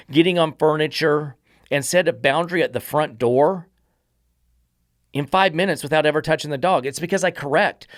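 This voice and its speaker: In casual podcast talk, this man, who trains dogs, speaks in a somewhat high voice, emphatically and bluntly, with occasional swearing. He voices dogs' thoughts, and the studio-quality audio has no room sound.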